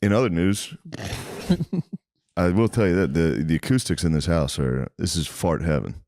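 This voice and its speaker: A man's voice: low voice, brisk, darkish tone, no room sound. A man co-hosting a podcast who drops laid-back, dry one-liners in crude casual banter. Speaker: podcast co-host.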